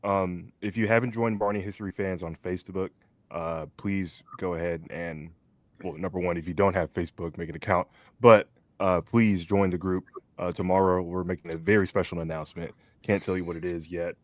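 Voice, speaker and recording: A young man with a low, deep voice talks in a loose, rambling podcast chat. He fills his sentences with "like" and "um" and laughs easily. The sound is close and dry, with no room echo. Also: steady tone, fairly quick. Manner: rambling, many fillers and restarts, laughs easily. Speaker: podcast co-host. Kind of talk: casual chat.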